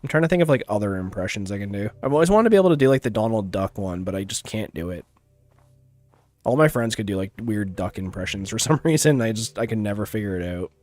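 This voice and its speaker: A man chatting casually on a gaming stream in a relaxed, rambling way, laughing now and then. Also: fairly low pitch, fast, faint music behind.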